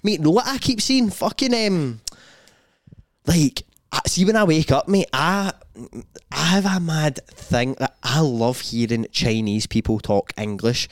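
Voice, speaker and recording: A young Scottish man chats on a podcast, spinning animated stories packed with slang. He often breaks into loud laughter. The mic is close and dry, with no room sound. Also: fairly high pitch, measured pace, dry recording. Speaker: podcast co-host. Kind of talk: casual chat.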